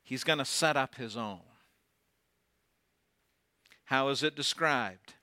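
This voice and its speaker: A man preaching a sermon, swinging from loud declarations down to near whispers and putting rhetorical questions to his congregation. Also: medium pitch, slow, smooth, dry recording, studio quality. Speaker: pastor.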